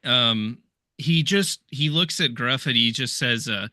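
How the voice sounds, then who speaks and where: A man playing a tabletop game, slowly and hesitantly describing his character's antics with many "um"s. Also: medium pitch, pushed and bright, no echo. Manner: slow, hesitant, lots of "um". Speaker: tabletop player. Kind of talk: casual tabletop role-play.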